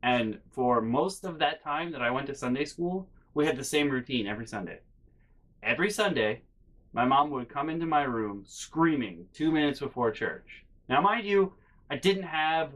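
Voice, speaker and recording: A man telling comic stories on his video channel, rambling deadpan with many fillers. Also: mid-range voice, rough recording. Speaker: YouTuber. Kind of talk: comedic storytime vlog.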